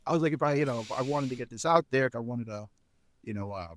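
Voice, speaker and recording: A man's voice: mid-range voice, animated, fast, a little hiss or hum. A middle-aged man, a podcast guest, telling a long anecdote casually, full of fillers and restarts and acting out the people he quotes. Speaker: podcast guest, spirits company founder. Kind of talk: casual storytelling interview.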